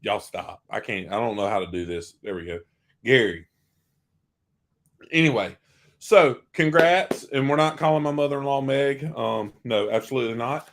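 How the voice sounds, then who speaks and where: A man's voice: mid-range voice, creaky. Joking Southern man hosting a live stream. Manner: joking, teasing, rambling. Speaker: co-host of a travel livestream. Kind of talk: casual livestream chat.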